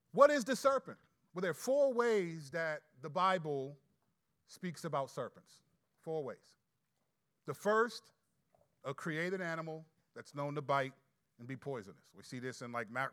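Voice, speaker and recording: A male pastor preaching a sermon, reading scripture aloud and posing rhetorical questions, moving between loud emphatic passages and quiet asides. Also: mid-range voice.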